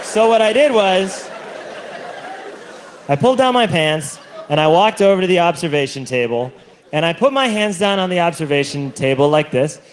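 Animated man telling stand-up stories. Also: sits high, normal speed, some chatter behind. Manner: animated storytelling, acting out other people. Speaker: stand-up comedian. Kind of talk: stand-up comedy set. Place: comedy stage with a laughing audience. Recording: live show with audible audience noise.

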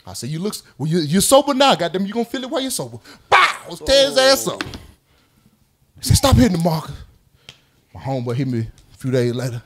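A man's voice: sits high, fast talker. A man telling a story in casual talk, laughing and acting out voices and sound effects. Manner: animated, laughing, acts out quotes and sound effects. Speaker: podcast guest telling a story. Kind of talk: casual storytelling among friends.

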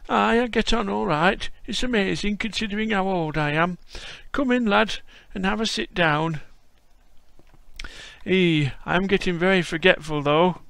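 A man putting on the voice of a very old, frail, friendly man with a Yorkshire accent, speaking in slow homely dialect. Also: high voice, creaky, fairly bright tone, smooth, no room sound, pitched above the performer's own voice, heavily acted. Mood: welcoming.

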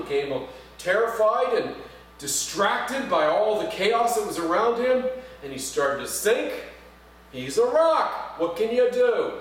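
A man preaching a sermon as pastor, talking conversationally, asking the congregation questions and making light jokes. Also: high voice. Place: church sanctuary. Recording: echoey church from far off, faint hum.

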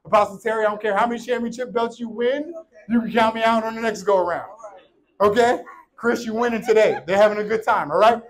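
A man in his thirties preaching a sermon, joking with the congregation and swinging from shouts to hushed, quiet lines. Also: sits high, quick pace, rough recording.

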